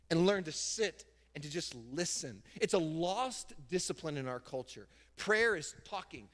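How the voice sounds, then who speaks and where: A man pastor preaching a sermon from a church stage, casual and emphatic, with sudden loud bursts. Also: sits high. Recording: long hall reverb in a church.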